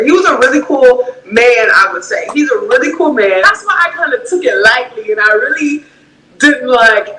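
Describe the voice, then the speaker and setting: Bright-voiced, high-pitched woman, dramatic casual storytelling, echoey room. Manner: animated, dramatic, acts out dialogue.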